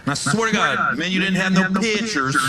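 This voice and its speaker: A man doing a stand-up comedy set on stage, telling stories and acting out the people in them. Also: high voice. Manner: animated storytelling, acts out characters. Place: theater stage with live audience. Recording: live show with loud crowd. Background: loud crowd laughter and applause.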